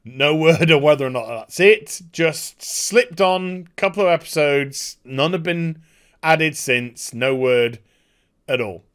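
Guy ranting sarcastic, fairly high voice, swears. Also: takes it slowly, a bit bright, clean tone. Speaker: YouTube commentator. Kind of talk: ranting commentary.

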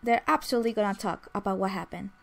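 A woman's voice: medium pitch, fast talker, vocal fry. A young woman doing casual, chatty gameplay commentary, often exasperated and full of fillers. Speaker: let's play gamer.

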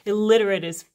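A woman host talks casually and off the cuff in a middle-pitched voice. She rambles from point to point and often breaks off into laughing asides. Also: a little mellow. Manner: chatty, rambling, prone to laughing digressions. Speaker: tarot reader. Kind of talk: casual unscripted reading to camera.

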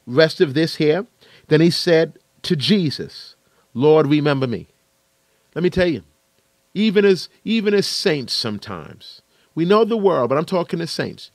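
Pastor guy preaching hard, kinda high voice, dry close mic, big swings in volume. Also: dry recording. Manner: emphatic preaching, rising bursts and rhetorical questions. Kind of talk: sermon.

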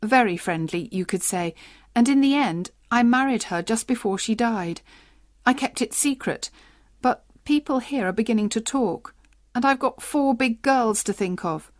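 A woman reading the part of a cheerful, excitable old husband in a simple storybook. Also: fairly high pitch, normal speed, no echo, clean studio sound, natural voice. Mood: confiding. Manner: jolly, excitable.

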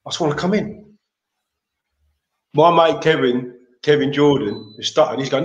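An English man telling lively, slang-filled anecdotes as an interview guest, laughing as he goes. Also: on the high side, moderate pace, long pauses, echoey room. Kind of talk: casual storytelling.

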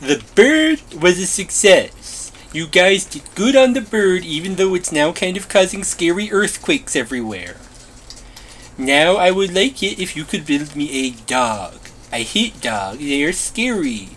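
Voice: mid-range voice, big pitch swings, measured pace, a bit bright, a little hiss or hum. A performer voicing a bossy, childish overseer figure who calls itself a bee, ordering builders about in whiny, broken-grammar comedy machinima lines. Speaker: boss directing the builders.

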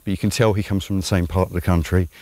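A man with a low voice and an Estuary English accent delivers an opinionated monologue on his channel. He talks in a loose, rambling way, with plenty of ums, and the sound is dry and close. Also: level tone, fast talker, dark tone, no echo. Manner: conversational, rambling, many ums. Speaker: channel host.

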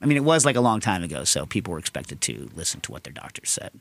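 Fielding listener questions on his podcast, a man with a low, gravelly voice talks fast in a loose, casual way. He wanders into tangents and tells stories with animation, with no echo on the audio.

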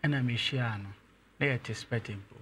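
A young man, an interview guest, telling his own story and growing animated as he recounts events. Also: mid-range voice, unhurried, slight background noise. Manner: animated when retelling events, laughs.

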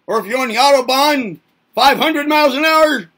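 A man with a very high, sharply bright voice delivers an informal self-help lecture at normal speed. His monologue rambles, peppering the listener with rhetorical questions and casual swearing.

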